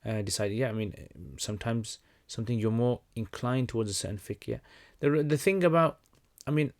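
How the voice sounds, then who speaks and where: A young man hosting a casual livestream Q&A, talking in a relaxed, conversational way with many fillers and restarts. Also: medium pitch, brisk. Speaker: livestream host answering questions.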